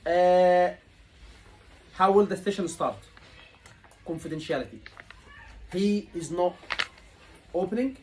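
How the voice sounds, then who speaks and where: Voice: medium pitch, slow, long pauses, dark tone, slight background noise, poor audio. A tutor coaching a room of students, repeating key points and asking rhetorical questions. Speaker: exam tutor. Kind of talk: live teaching session.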